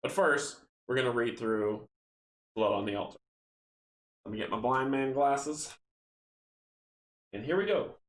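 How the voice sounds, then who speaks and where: A man hosting a casual tabletop card game play-through, recapping and reading story text in a chatty, relaxed way. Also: mid-range voice, unhurried, long pauses. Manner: chatty, relaxed, with many fillers. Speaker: host and solo player. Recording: echoey room, faint background noise.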